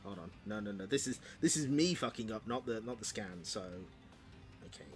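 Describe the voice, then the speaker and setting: A man's voice: fairly low pitch, expressive, normal speed, soft background music. A man streaming, reading a comic aloud with chatty, laughing asides. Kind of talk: casual comic read-along commentary.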